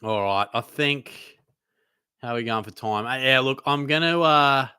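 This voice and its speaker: A young Australian man hosts a live Q&A and reads chat questions aloud in loose, easygoing banter full of "mate". His voice is bright and crisp, and the recording sounds dry and close. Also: mid-range voice, moderate pace, no echo. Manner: casual, laid-back banter with frequent mates and fillers. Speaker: host.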